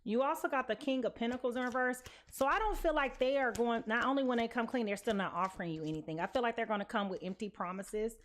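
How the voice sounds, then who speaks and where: A woman's voice: a little high, fast, few pauses. A sleepy woman giving a casual tarot card reading, chatty and sassy, tossing in slang and pet names. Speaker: tarot reader.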